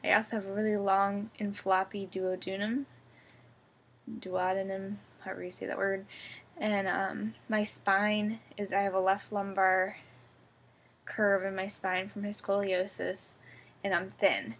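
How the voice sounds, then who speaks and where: Young woman vlogger, groggy and drowsy, gravelly voice, chatty and rambling, casual video diary. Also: medium pitch, level tone, measured pace. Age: young adult. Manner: rambling, chatty, giggly, soft-spoken. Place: at home, sitting up in bed.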